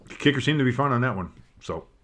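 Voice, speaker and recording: A man giving casual play-by-play commentary on a game, rambling and swearing between plays and bursting out with excitement on big ones. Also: medium pitch, fast. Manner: rambling, swears, breaks off into nostalgic tangents. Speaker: play-by-play streamer.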